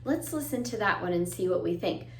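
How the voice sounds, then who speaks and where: A woman's voice: lowish voice, lively intonation, brisk. A woman teaching a children's music lesson. She talks straight to the kids, encouraging, sing-song, and sometimes breaks into song and animal sounds. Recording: roomy echo.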